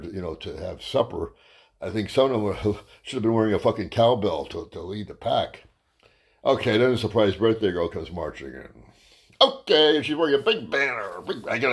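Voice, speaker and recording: Profane ranting male comedian, swinging pitch. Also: vocal fry, a little mellow, breathy edge. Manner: rambling, crude, ranting, trips over his words. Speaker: stand-up comedian. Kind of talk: profane comic storytelling monologue.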